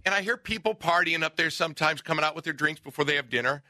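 A middle-aged man co-hosting a talk show, telling a story in an animated way and repeating phrases for effect. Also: fairly high pitch, fast talker, no room sound, studio quality. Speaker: radio show co-host. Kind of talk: casual chat, telling an anecdote.

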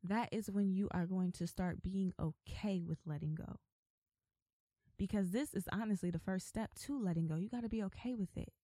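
A woman's voice: medium pitch, normal speed, warm tone, dry recording. A woman hosting a faith podcast, talking emphatically and with repetition, like an exhortation. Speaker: podcast host.

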